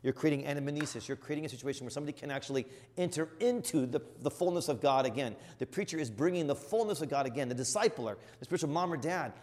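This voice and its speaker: A middle-aged man, a bishop, teaching in an earnest, emphatic sermon style that surges to loud exclamations. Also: a little high, expressive, fast talker, hardly any pauses. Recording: long reverb of a large hall.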